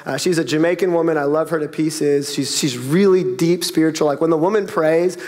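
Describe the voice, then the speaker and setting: A high-pitched male pastor preaches in an easy, conversational way. He keeps climbing to emphatic peaks, and a long church-hall reverb trails after each phrase. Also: brisk, a little mellow. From South Florida. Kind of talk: sermon. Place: church auditorium.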